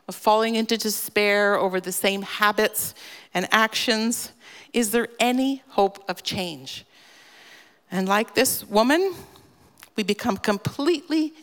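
Earnest woman walking through a bible passage, soft emphasis, kinda echoey reverb. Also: medium pitch. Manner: earnest, gently emphatic, varies pace for emphasis. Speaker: devotional speaker. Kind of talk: devotional teaching on scripture. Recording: long reverb.

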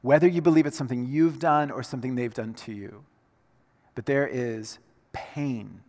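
A man preaching a sermon, moving between hushed, slow lines and loud, emphatic passages. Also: medium pitch, slight background noise. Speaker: pastor. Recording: reverberant hall sound.

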